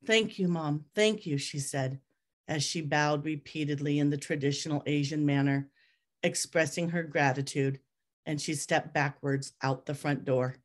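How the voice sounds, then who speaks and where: A woman author reading her own memoir aloud in a measured, reflective, steady way. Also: low-pitched.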